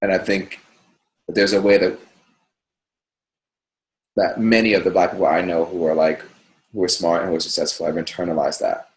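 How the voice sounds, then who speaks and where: Low-voiced guy, thinking out loud with lots of restarts, echoey room sound. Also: steady tone, moderate pace, long pauses. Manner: thoughtful, hesitant with restarts. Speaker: conversation partner. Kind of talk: casual heartfelt conversation. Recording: roomy echo.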